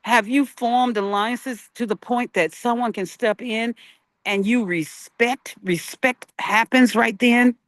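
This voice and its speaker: Host, slow-paced, dry close sound, halting, searching unscripted spiritual talk. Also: mid-range voice, no room sound. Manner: halting, searching for words, rhetorical questions. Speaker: broadcast host.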